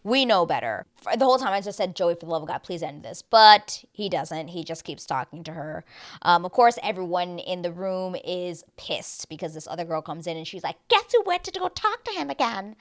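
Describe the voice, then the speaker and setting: A young woman chatting casually through a reality TV recap, gossipy and animated, acting out what people said. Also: on the low side, a little fast. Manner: gossipy, animated, slips into squealing quoted voices.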